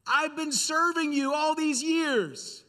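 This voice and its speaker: A man's voice: very high-pitched, takes it slowly, bright, forceful tone, in a large hall, voice pushed up, heavily acted. A preacher voicing a self-righteous older brother who complains that he has been wronged. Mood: resentful. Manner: complaining, aggrieved.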